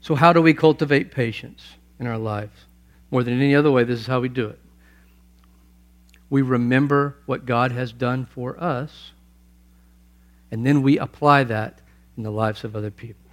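A man preaching a sermon, emphatic, swinging between loud stresses and hushed asides and repeating phrases for weight. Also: medium pitch, fairly even intonation, normal speed, pauses often. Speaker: pastor.

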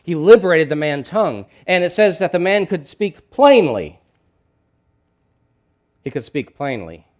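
A man's voice: fairly high pitch, big pitch swings, unhurried, long pauses. A man preaching a sermon in a conversational, emphatic way, with asides and frequent restarts. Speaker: pastor.

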